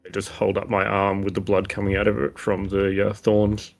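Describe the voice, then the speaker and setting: A man playing a tabletop game who asks calm, probing questions in character. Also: fairly low pitch, moderate pace, creaky. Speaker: player. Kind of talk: tabletop role-play.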